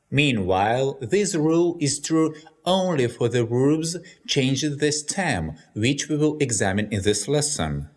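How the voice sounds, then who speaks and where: A man with a Russian accent, a native Russian speaker, giving a scripted language lesson with careful, deliberate explanations. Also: medium pitch. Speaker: language teacher.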